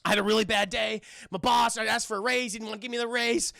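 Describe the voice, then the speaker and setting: A man's voice: high-pitched, fairly even intonation, fast talker, gravelly, pushed and bright, no echo, studio quality, full character voice. A man voicing a put-upon, short, heavyset middle-aged everyman, yelping in panic and pleading. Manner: panicked yelps and grumbles.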